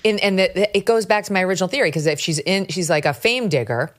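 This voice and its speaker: A woman's voice: lowish voice, quick pace. A woman hosting a talk show, making sardonic, mocking commentary. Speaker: podcast host.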